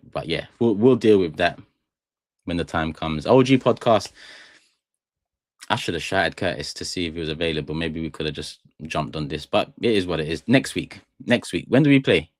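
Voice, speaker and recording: Speaking in a low voice with no echo and studio-quality sound, a young man from England chats with viewers on his fan channel live stream. He rambles and jokes, talking straight to chat from a small studio room.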